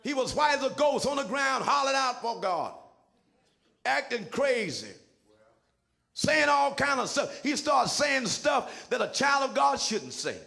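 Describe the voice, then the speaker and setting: A male pastor preaching in a very high, gravelly voice that swoops up and down. His tone is bright and tense, and he shouts his lines in a sing-song preaching cadence with folksy everyday phrasing. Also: very animated, unhurried. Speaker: senior pastor. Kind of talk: preaching a sermon.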